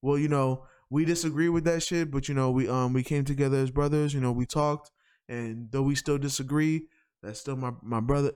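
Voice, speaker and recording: A man co-hosting a podcast, talking in a rambling, animated way, full of profane slang. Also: mid-range voice, brisk, smooth. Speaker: podcast co-host. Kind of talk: casual chat.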